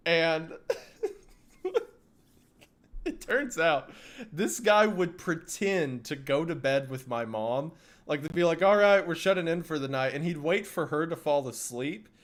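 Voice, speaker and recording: Guy with a pretty high voice telling a funny family story, lots of laughing. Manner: animated, laughs often, acts out quotes loudly. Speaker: streamer. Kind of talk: casual storytelling.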